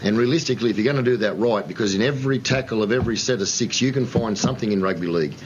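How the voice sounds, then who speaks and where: An Australian man with a fairly low voice, speaking bluntly and with exasperation. The clip sounds dull and lo-fi, with faint noise behind him. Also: rapid-fire. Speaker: rugby league figure in a played clip. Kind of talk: impassioned opinion. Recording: dull, slightly noisy clip.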